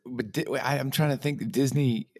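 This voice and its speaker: A podcast co-host in a casual interview, asking curious follow-up questions. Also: male voice, mid-range voice, steady tone, moderate pace, no echo, studio quality.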